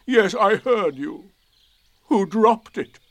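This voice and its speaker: Man doing a gloomy old donkey, self-pitying, sarcastic, storybook, slightly raised pitch, dry sound. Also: lively intonation, dry recording, exaggerated voice. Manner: slow, mournful, sarcastic. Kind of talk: storybook reading.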